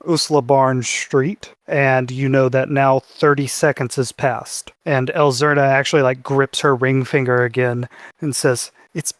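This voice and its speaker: A man running a tabletop game as game master, narrating scenes calmly with the occasional filler. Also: mid-range voice, unhurried, dry recording, studio quality. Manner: calm descriptive narration with fillers.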